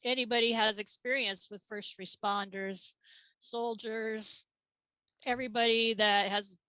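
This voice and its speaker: A woman's voice: on the high side, fairly even intonation, unhurried, pushed and bright, no room sound, low-quality recording. A woman guest in a casual interview, telling her story in a matter-of-fact way with light laughs.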